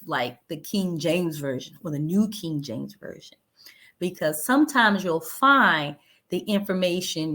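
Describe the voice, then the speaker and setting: Woman, Bible study teacher, bright voice, lively pitch, conversational, reads and explains scripture. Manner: animated, conversational, laughs lightly, paraphrases verses in everyday speech.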